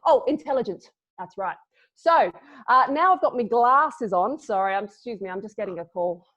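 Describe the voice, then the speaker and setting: A woman's voice: fairly high pitch, expressive, normal speed, a bit bright. Chatty, joking woman on a lo-fi video call. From Scotland. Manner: chatty, playful, cracking dad jokes. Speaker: clown and workshop presenter. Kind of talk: casual online talk.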